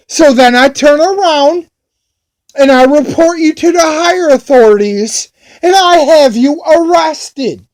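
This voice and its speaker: Guy with a high voice, slow and drawn out, swearing a lot and repeating himself as he tells his story. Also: a little mellow. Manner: profane, repetitive, heated. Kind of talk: angry storytelling rant.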